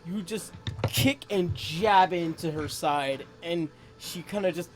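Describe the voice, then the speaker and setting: Low-voiced woman running a tabletop game. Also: slow pace, soft background music. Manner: casual, swears when dice go badly. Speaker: game master.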